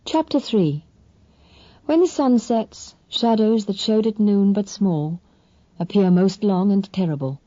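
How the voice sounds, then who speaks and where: Mellow-voiced woman narrating an audiobook. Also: medium pitch, dry recording, highs cut off. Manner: measured, expressive storytelling. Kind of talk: scripted first-person narration.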